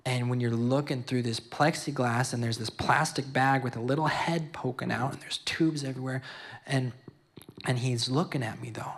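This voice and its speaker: A young man shares his testimony at a youth service. His pitch sits mid-range, and he keeps stopping, repeating words and drifting into preaching. His speech is personal and full of feeling. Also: steady tone, moderate pace. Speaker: father giving testimony.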